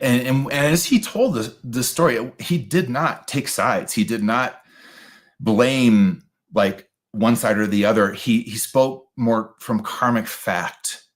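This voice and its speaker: Slow, low-voiced man telling a story. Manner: slow, reflective, with many fillers and restarts. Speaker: astrologer host. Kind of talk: storytelling monologue.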